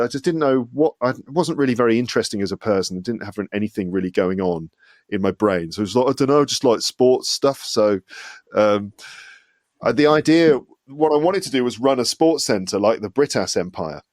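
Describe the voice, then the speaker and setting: A man's voice: medium pitch, no room sound, clean studio sound. A man in his forties from the English West Midlands with a faint trace of the local accent, chatting as an interview guest in a self-deprecating way and laughing often. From England, West Midlands (Solihull). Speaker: guest, English teacher and podcaster. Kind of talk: casual interview chat.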